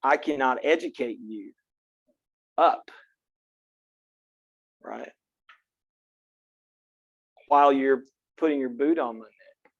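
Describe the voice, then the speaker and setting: A man from Texas teaching a college philosophy class, frank and earnest and quick to crack a joke, recorded on a close mic in a classroom. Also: mid-range voice, no echo, dull audio. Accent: Texan. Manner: earnest, frank, joking, speaks directly to students. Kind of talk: classroom lecture.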